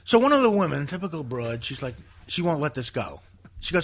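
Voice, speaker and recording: A man telling comic, profane stories as a podcast guest, laughing often as he goes. His voice is gravelly and husky, with plenty of vocal fry. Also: fairly high pitch, very animated, quick pace. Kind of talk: comic storytelling in a podcast interview.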